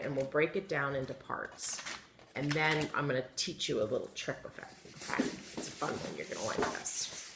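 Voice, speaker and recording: A woman teaching a phonics lesson to young children, patient and encouraging, sounding out letters slowly. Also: low voice, gravelly. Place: classroom with chalkboard. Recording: echoey room, faint ambient noise.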